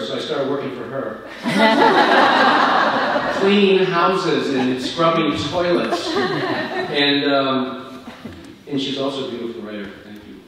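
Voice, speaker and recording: A man's voice: mid-range voice, sing-song, unhurried, long pauses, noisy background. A man, an author taking audience questions after a reading, talking candidly and chatting with a frequent laugh. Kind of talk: casual talk after a reading. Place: festival hall. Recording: echoey hall from far off.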